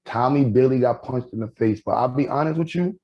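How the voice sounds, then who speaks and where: A man's voice: medium pitch, a little fast, lo-fi sound. A man telling stories in a casual podcast chat, acting out what people said. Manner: storytelling, animated, acts out quotes.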